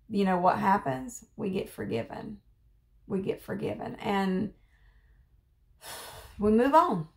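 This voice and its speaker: Earnest woman giving a casual devotional. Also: medium pitch. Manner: earnest, conversational, repeats phrases for emphasis; rambling with fillers and restarts. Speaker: devotional speaker.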